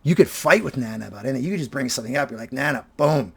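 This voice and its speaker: Husky fifties guy talking to his viewers, keeps stopping and restarting, repeats words a lot. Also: mid-range voice, lively intonation, racing. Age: 50s. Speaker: vlogger and teacher. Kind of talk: reflective casual talk to viewers.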